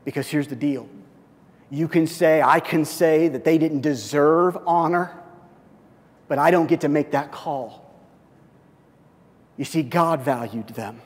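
A man preaching a sermon, telling a personal story and slipping into excited, quoted voices. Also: a little high, measured pace, long pauses, long reverb tail. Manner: storytelling with lively swings into excited quoted speech. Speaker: pastor.

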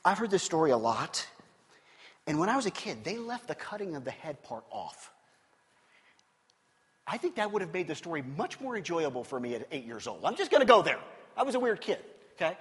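A pastor preaches animatedly and briskly in a somewhat high, slightly husky voice, the long reverb of a large sanctuary trailing his words. He swings between loud, punchy emphasis and low, hushed, earnest tones.

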